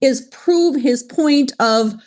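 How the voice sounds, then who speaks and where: A woman co-hosts a casual podcast, recapping an old sitcom and acting out the characters' lines. Her voice sits a little higher than most. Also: takes it slowly. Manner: animated, acts out quotes. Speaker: podcast co-host.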